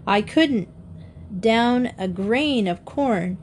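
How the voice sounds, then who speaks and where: A woman's voice: on the high side, lively intonation, drawn-out words, slight background noise. A woman voicing a hearty, jovial teenage boy.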